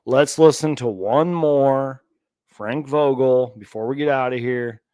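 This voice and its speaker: A man's voice: medium pitch, a little slow, dark tone, clean tone, no echo. A man hosting a sports channel, ranting live and reacting to clips with exasperated sighs. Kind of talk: late-night live rant reacting to clips.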